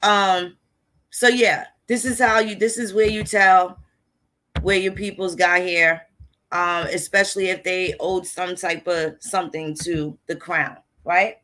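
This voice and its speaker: A woman's voice: on the low side, fairly even intonation, measured pace, bright, forceful tone. A woman talks through old archive records in a loose, casual lecture. Her delivery is blunt and conversational, and she swears freely while explaining. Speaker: history channel host.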